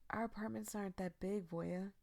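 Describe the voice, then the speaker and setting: Woman reading as a soft-spoken clingy young neighbor. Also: medium pitch, fairly even intonation, normal speed, creaky, lightly acted. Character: shy, clingy young man neighbor, adorable yet creepy.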